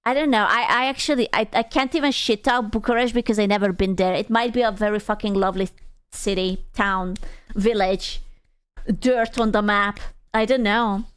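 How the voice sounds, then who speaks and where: A woman's voice: medium pitch, fairly even intonation, moderate pace, smooth. A young woman from Hungary with a Hungarian accent, a streamer chatting casually with viewers, teasing, rambling and swearing freely.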